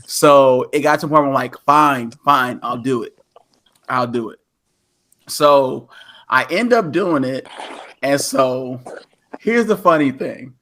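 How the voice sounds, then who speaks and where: A man's voice: mid-range voice, takes it slowly, long pauses. A man co-hosting a podcast, chatting casually and acting out the people in his story. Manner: animated storyteller, acts out quoted voices. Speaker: podcast co-host. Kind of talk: casual chat.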